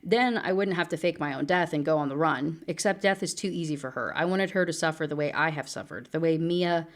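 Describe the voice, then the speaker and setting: Woman reading a bitter vengeful girl in a thriller, low voice, brooding and quiet. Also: brisk, close to an everyday voice. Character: young woman, bitter and vengeful, coldly resolved.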